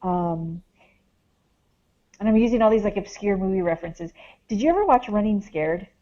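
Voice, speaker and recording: A podcast guest who works as a paranormal investigator shares a story in a mellow, medium-pitched voice with lively intonation and a moderate pace. The highs are cut off in the recording. She rambles casually, with many fillers like "like" and "um".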